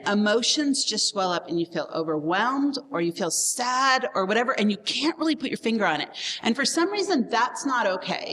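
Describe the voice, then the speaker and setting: A middle-aged woman giving a candid talk to married couples, frank and quick to laugh at herself. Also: a little high, bright, forceful tone, rough recording. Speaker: seminar speaker.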